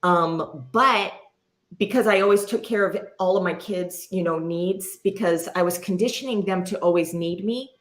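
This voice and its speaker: A woman's voice: fairly low pitch, normal speed. Middle-aged woman talking straight, cusses a lot, pokes fun at herself, casual chat. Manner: blunt and self-mocking, swears freely. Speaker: podcast host.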